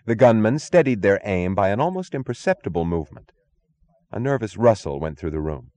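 A man reading a novel aloud as an audiobook narrator, with steady, expressive storytelling. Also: fairly low pitch, a little fast, no room sound. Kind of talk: scripted narration.

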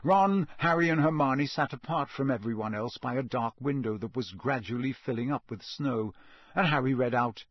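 Man reading an audiobook, husky, kinda high, dry close sound. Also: expressive, moderate pace, no echo. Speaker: audiobook narrator. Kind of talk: scripted narration.

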